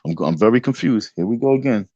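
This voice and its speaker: A man's voice: fairly low pitch, fast talker, dry recording, muffled recording. A middle-aged man giving rambling, profane reaction commentary as a vlogger, restarting his sentences over and over. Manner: excitable, repetitive restarts, profane street talk.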